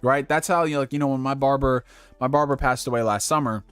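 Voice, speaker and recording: A man's voice: medium pitch, steady tone, quick pace, fairly bright tone, clear, resonant tone, no room sound, faint music behind. A young man hosting a casual livestream, giving dating advice in a loose, profane way and laughing at his own slips. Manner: talks directly to viewers with slang.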